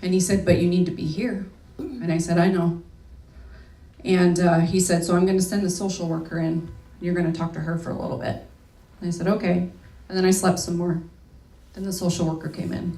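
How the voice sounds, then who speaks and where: A woman's voice: on the low side, fairly even intonation, fairly quick, dark tone. A young woman talking candidly and emotionally in a personal story talk, with casual swearing. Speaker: speaker. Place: event hall. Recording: echoey room from far off.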